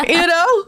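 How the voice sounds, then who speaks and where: A young woman, a podcast co-host, chatting casually and warmly, laughing often. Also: very high voice. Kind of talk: casual chat.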